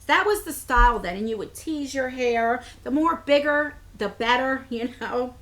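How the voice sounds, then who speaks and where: A woman's voice: high-pitched, moderate pace, fairly bright tone. A woman in her forties from New Jersey chatting casually as a beauty vlogger, reading out viewer comments and answering them in a rambling way, laughing often.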